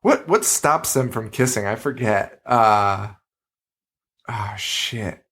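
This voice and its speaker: A man co-hosting a podcast in casual chat, animated, swearing freely and laughing often. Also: lowish voice, slow pace, breathy edge. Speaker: podcast co-host.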